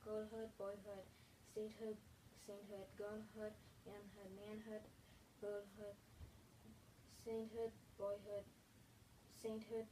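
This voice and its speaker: Woman, adult student reading aloud, halting, careful, level voice, distant mic. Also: mid-range voice, completely flat delivery. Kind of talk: reading aloud word lists. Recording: distant mic, faint hum.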